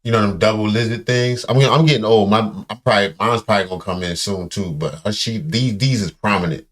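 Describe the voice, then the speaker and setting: A man's voice: lowish voice, brisk, fairly bright tone. A man giving mocking, joking commentary on an interview clip, with sarcastic asides. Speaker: reaction commentator.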